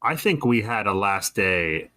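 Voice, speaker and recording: A man's voice: fairly low pitch, a little slow, dry recording. A man co-hosting a podcast, casually picking apart a TV episode, asking questions and mockingly quoting scenes. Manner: animated, quizzical, quotes scenes mockingly. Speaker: podcast co-host. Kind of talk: casual chat recapping a TV episode.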